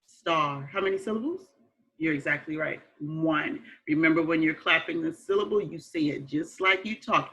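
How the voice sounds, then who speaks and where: A woman teaching young children a phonics lesson, slow and patient, repeating words and praising them. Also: low voice, a bit bright, rough recording. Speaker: kindergarten teacher.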